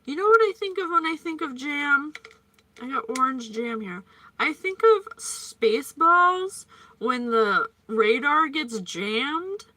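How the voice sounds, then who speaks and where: A woman's voice: high voice, animated, takes it slowly, bright, forceful tone. A woman giving a chatty psychic reading, playful and prone to tangents. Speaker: psychic reader. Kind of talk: casual psychic reading monologue.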